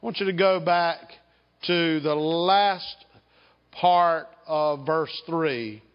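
Slow, emphatic preacher in a reverberant hall. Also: male voice, fairly high pitch. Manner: slow, emphatic, draws out key words; leads congregation in call and response. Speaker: pastor. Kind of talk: sermon. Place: church sanctuary. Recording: dull sound with long hall reverb.

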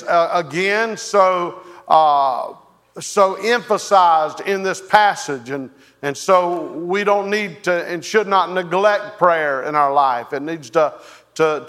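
A man preaching a sermon as pastor, halting and folksy, with many fillers and repeated words. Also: on the high side, fairly bright tone. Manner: folksy, leads the congregation in song.

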